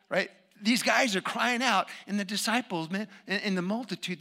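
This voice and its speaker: A man preaching a sermon, emphatic, swinging between loud bursts and hushed asides. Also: sits high, fairly even intonation, moderate pace, few pauses.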